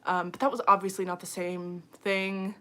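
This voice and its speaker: A woman's voice: medium pitch, little pitch movement, normal speed, pushed and bright. A young woman talks casually into her phone on a late-night livestream. She sounds a little tired, rambles easily and breaks into small laughs between her thoughts. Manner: chatty, giggly, heavy on fillers like "um" and "like". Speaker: YouTuber hosting a livestream. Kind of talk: casual livestream chat reading comments.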